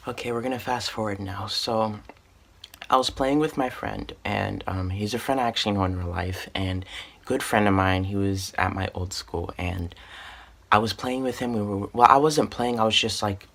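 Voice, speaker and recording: Young man, storytime vlogger: husky lower voice, earnest, rambling, heartfelt. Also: normal speed, fairly bright tone. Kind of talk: casual storytime narration.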